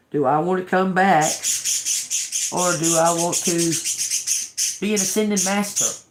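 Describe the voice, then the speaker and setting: A woman hosting a tarot livestream who tells a personal story casually. She talks frankly, swears a lot, repeats phrases and breaks into laughter often. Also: on the low side. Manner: drawling, repeats herself. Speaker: tarot reader livestream host.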